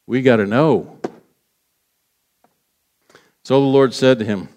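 A man's voice: mid-range voice, slow, a little mellow. Man preaching in a conversational way. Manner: conversational preaching, acts out scripture quotes. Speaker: pastor. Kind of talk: sermon.

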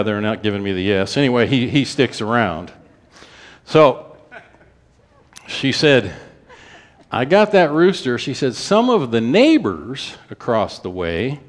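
A man, telling a testimony story in a sermon in a folksy way, rushing through some runs and slowing for emphasis. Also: mid-range voice.

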